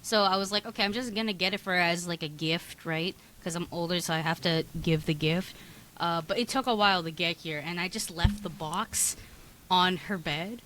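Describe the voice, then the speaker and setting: A woman's voice: fairly low pitch, moderate pace, a bit bright, slight background noise, rough recording. A young woman with a Toronto accent, a guest on a casual podcast chat, blunt and rambling. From Toronto, Canada. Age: young adult.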